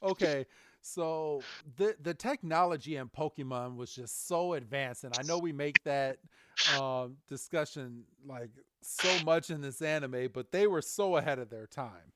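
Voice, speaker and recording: A man's voice: a little high, measured pace, fairly bright tone. A man hosting a podcast, casually recapping an episode and often laughing. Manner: chatty recap with laughs and acted quotes. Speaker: podcast host. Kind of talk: casual chat.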